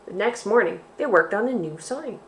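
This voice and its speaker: A woman hosting a library storytime for children, reading a picture book aloud in an expressive, sing-song way. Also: medium pitch, moderate pace.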